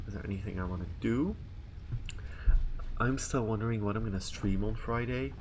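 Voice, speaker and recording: A young man talks his way through a live game stream, loose and rambling and full of fillers. His voice sits a little low. A faint hiss lies under the recording. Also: darkish tone. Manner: rambling, filler-heavy, thinking aloud.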